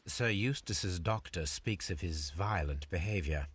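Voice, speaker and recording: A precise video-game detective, cool and analytical. His voice sits very low with a husky grain. Every sentence comes out formal and measured. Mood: matter-of-fact. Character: Sherlock Holmes, cool precise male detective.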